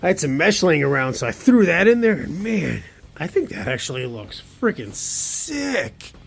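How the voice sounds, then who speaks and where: A man's voice: on the high side, sing-song, moderate pace, vocal fry, slightly rough. A man narrating a casual workshop vlog, thinking aloud as he works and cheering his own results with casual slang. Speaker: car builder.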